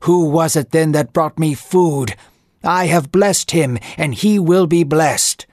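A man's voice: mid-range voice, animated, measured pace, darkish tone, husky, dry recording, studio quality. A man voicing an old blind father who solemnly declaims blessings. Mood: agitated.

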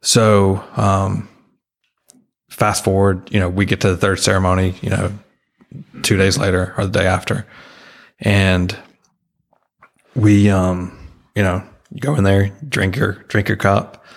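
A man earnestly retelling a personal experience as an interview guest, halting and full of restarts. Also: sits low, flat delivery, gravelly.

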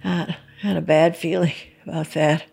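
Older lady, gravelly low-ish voice, halting and reflective, keeps restarting. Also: level tone, warm tone, soft background music. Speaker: bereaved mother interviewee. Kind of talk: personal recollection.

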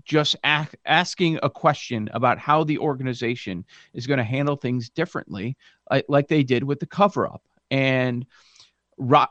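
A man's voice: a little high, a bit bright, no echo. Indignant man on a dull, lo-fi line. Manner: indignant, with hesitant fillers. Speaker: sports talk co-host. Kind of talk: casual sports talk.

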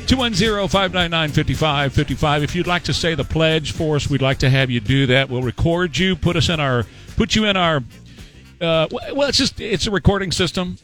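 A man hosting talk radio, his voice high and bouncing all over its range. He talks in a folksy, repetitive way. The mic is dry, with faint music under him. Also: fairly bright tone, rough recording. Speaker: radio talk show host.

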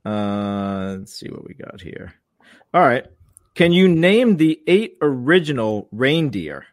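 A man's voice: medium pitch, big pitch swings, slow, no room sound. A man with an ordinary mid-range voice reads out quiz questions as a podcast co-host. He lets his sentences fade into mumbles, and the sound is dry and close. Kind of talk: casual chat.

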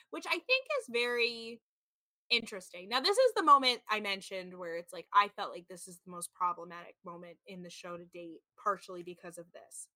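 Animated, bright-voiced woman podcaster. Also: medium pitch, moderate pace, dry recording. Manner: animated storytelling, frequent "like", acts out quotes. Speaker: podcast co-host. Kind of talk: casual chat recapping a reality show.

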